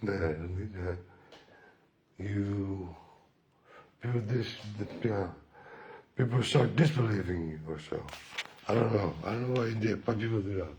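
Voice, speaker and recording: A man's voice: on the low side, measured pace, long pauses, darkish tone, dull audio, a little hiss or hum. A man speaking a rambling spiritual monologue to the camera, repeating himself and questioning himself aloud. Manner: rambling, repetitive, self-questioning.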